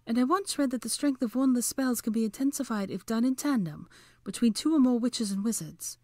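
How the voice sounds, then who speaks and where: A fretful young witch who can't help lecturing, put on by a woman reading a story aloud. Her voice is pitched up from the reader's own and sounds dry and close. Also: brisk, a little mellow, dry recording, lightly acted. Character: anxious know-it-all young witch. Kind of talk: audiobook character voice.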